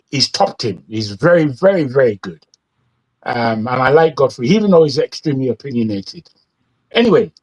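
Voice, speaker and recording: A man's voice: a little high, low-quality recording. A man with a British accent hosting a news talk show, giving opinionated, rambling commentary and repeating words when he gets worked up. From Britain.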